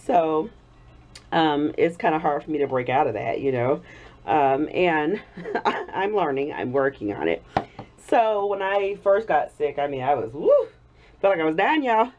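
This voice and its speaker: A woman's voice: sits low, lively intonation, measured pace, a little mellow, muffled recording. A woman in her thirties telling a story in a casual home vlog, chatty and laughing often, still getting over an illness. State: recovering from illness. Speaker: soap-making vlogger.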